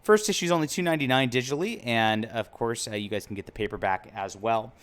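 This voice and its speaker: A man's voice: medium pitch, fast talker, fairly bright tone. Upbeat man chatting about comics. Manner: chatty and upbeat, with frequent fillers and self-corrections. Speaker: comics commentary host. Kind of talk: casual commentary.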